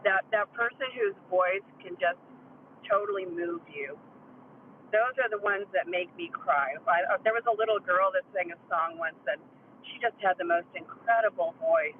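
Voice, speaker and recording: A woman's voice: medium pitch, phone-quality sound, slight background noise. A woman chatting casually on a live audio space, emphatic and laughing at herself. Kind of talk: casual chat.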